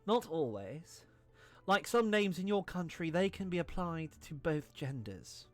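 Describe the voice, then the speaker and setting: A man voicing a polite young female tour guide who corrects gently and patiently. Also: on the high side, very animated, a little slow, no echo, faint music behind.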